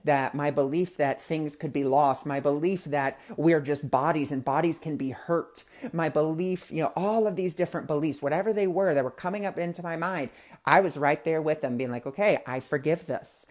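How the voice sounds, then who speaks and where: A man's voice: fairly high pitch, normal speed. A man hosts a spiritual teaching talk, recorded on a webcam or phone for a livestream. He tells personal stories in an earnest, casual way, full of fillers and restarts. He slips into other voices when he quotes people. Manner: loose filler-heavy phrasing. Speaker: host of a spiritual discussion show. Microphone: webcam or phone mic, livestream.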